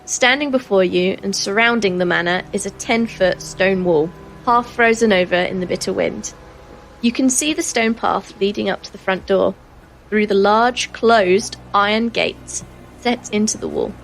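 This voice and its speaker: A woman's voice: mid-range voice, moderate pace, creaky, slight background noise, low-quality recording. A woman narrating as game master of a tabletop game, with frequent fillers.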